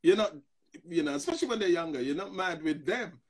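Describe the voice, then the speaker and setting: This pastor in his fifties talks fast in a high-pitched voice with vocal fry. Chatting casually, he tells stories from his own life with animation, performing the voices of the people who appear in them.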